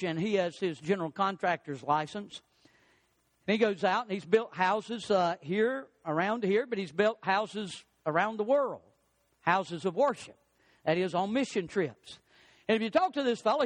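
A man preaching a sermon as pastor, emphatic, climbing on questions and sinking low on key phrases. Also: animated, moderate pace, dry recording. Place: church.

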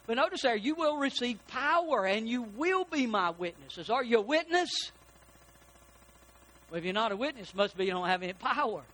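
A man preaching a sermon in a church, folksy and animated, asking his congregation questions. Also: extremely high pitch, moderate pace. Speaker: pastor. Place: church sanctuary.

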